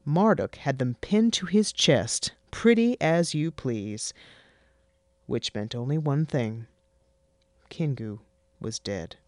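A narrator reading a fantasy story in a wry, deadpan way. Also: mid-range voice, slow pace, no echo. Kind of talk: scripted fiction narration.

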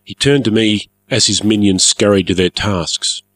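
A man narrating a story in a measured, formal, wry manner. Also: on the low side, a bit bright, no room sound.

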